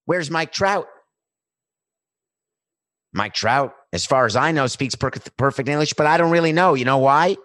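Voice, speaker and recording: A man's voice: on the high side, normal speed, pauses often, a bit bright, no echo. Man, middle-aged, sports commentary rant, emphatic, dry close sound. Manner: emphatic, repetitive, building lists. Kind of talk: opinionated monologue.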